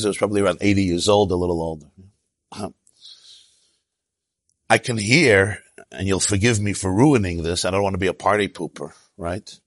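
A man giving a sermon as a rabbi, telling an animated story with quoted voices and Yiddish and Hebrew terms mixed in. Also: low voice, dry recording. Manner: animated, tells stories with quoted voices and asides.

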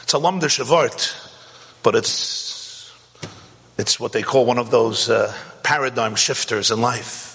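A man teaching a Torah class, animated and rising to shouts to stress a point. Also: mid-range voice, unhurried, breathy edge, in a large hall. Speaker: rabbi.

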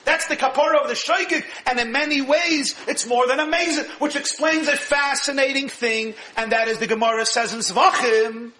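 A man with a notably high, bright voice teaches a Torah lecture. He talks in an animated, emphatic way and laughs often as he explains. The room around him sounds echoey. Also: moderate pace, few pauses, a little hiss or hum. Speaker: rabbi teaching Torah class.

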